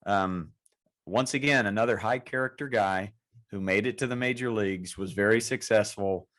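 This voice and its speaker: A man's voice: lowish voice, normal speed, fairly bright tone. A man co-hosting a casual podcast, enthusiastic and rambling. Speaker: podcast co-host.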